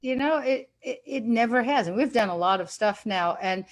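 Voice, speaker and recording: Woman in her sixties, guest actress, animated candid storyteller, video call audio. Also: on the high side, moderate pace. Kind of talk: casual interview chat.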